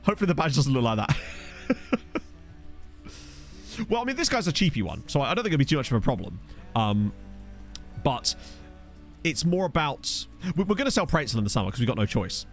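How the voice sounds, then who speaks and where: A young man giving casual, joking commentary over a football management game, reacting with quick exclamations. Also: medium pitch, sing-song, faint music behind. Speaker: gaming video host. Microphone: desk USB microphone.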